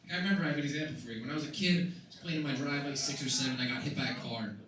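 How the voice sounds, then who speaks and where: A young man doing a stand-up set in a comedy club, telling wry stories that burst into loud exasperation. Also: mid-range voice, very fast. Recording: echoey club recording from a distance, loud noise. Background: audience laughter.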